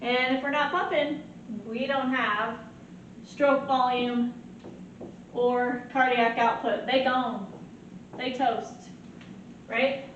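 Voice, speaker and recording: A woman teaching a nursing lecture in an animated way, often checking in with "right?". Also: high voice, takes it slowly, long pauses, slight background noise. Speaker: nursing instructor. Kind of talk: recorded lecture. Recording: very echoey, distant, muffled.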